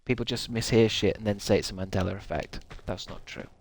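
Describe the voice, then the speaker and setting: A man's voice: lowish voice, fairly quick, vocal fry, a little hiss or hum. A man chatting casually while streaming a game, swearing freely and laughing often. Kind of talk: casual gaming stream chat.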